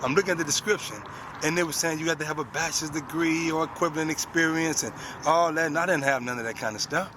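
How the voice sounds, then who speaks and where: A man in his forties from the United States tells a personal story to an audience, plain spoken and packed with street slang. His voice is a little high and quick, with noise in the background.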